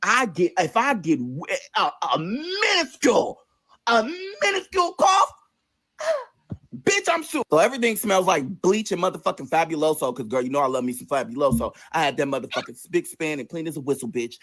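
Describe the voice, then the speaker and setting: A vlogger telling a story in casual talk, animated and profane, with sudden high jumps in pitch and acted-out voices for the other people in it. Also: fast, few pauses.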